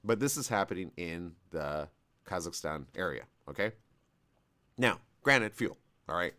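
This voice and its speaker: A man's voice: deep voice, lively intonation, measured pace, sharp tone, clear, resonant tone. A man hosting a live talk show, giving rambling, conversational commentary with an American West Coast accent. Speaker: host.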